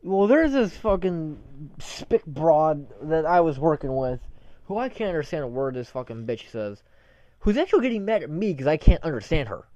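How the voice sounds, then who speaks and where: A man's voice: fairly high pitch, big pitch swings, normal speed, dark tone, dry recording. A young man ranting casually and profanely as a podcast co-host, rambling from story to story, on a dull lo-fi recording. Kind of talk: casual rant.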